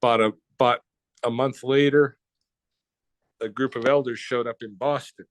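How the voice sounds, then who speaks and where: A middle-aged man from the Blackfoot Nation, talking as an interview guest in a blunt, profane, relaxed storytelling way. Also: mid-range voice, unhurried, dry recording. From Blackfoot Nation, North America. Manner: relaxed, conversational, with short restarts.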